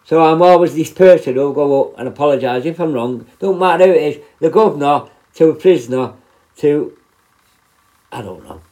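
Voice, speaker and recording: A man's voice: on the high side, normal speed, warm tone, poor audio. A man, a former prison officer hosting a podcast, telling work stories in a blunt, sweary, rambling way. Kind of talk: casual storytelling monologue.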